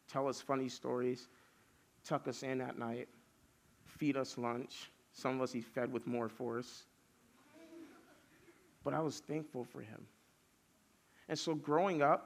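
A youth pastor with a creaky, mid-range voice preaches casually to young people. He tells stories in a chatty way, with lots of fillers.

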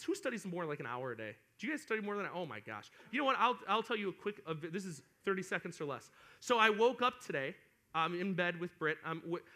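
Bright, animated young male youth preacher. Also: high voice. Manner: animated, acts out whiny kids. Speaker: youth pastor. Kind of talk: sermon to students.

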